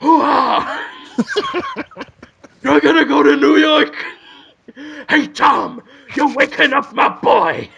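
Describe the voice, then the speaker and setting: A man putting on a loud, breathy impression of a gruff older lawyer who hoots and shouts. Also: very high-pitched, wildly swooping pitch, very slow, pauses often, highs cut off, crowd noise, voice pushed up, exaggerated voice. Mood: blustering.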